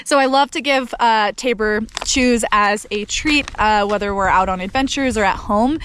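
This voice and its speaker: A woman's voice: mid-range voice, moderate pace, fairly bright tone, slight background noise. A young woman vlogging casually outdoors by a mountain lake, chatty and upbeat, talking to the camera and giving commands to her dog. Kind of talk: casual vlog talk to camera.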